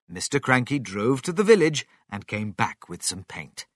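A man reading a children's story aloud with slow, expressive narration. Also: on the low side, dry recording, clean studio sound.

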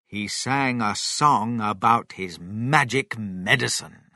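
A narrator reading a children's storybook aloud with dramatic, expressive delivery. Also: mid-range voice, no room sound. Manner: slow, very animated, dramatic swings.

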